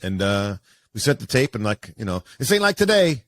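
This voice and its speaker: Low-voiced guy telling old sportscaster stories, lively, lots of um and you know, dry sound. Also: brisk, dry recording. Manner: animated, acts out quoted voices, many fillers. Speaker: guest, sportscaster. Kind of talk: casual storytelling interview.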